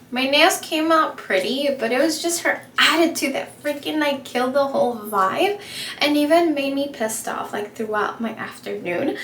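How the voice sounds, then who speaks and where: A young woman vlogging while she does her makeup, telling a story in a chatty, animated way full of fillers. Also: a little high. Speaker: beauty vlogger. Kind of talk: casual get-ready-with-me storytelling. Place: home room while doing makeup. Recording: echoey room with faint ambient noise.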